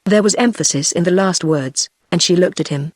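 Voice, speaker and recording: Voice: mid-range voice, a little fast, no room sound. Dry synthetic audiobook narrator voice. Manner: even, machine-read delivery. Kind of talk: text-to-speech book reading.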